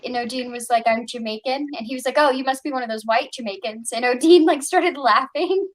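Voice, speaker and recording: A woman chatting casually on a live stream panel, telling an animated story and acting out what others said. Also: high-pitched, a little fast. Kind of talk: casual chat.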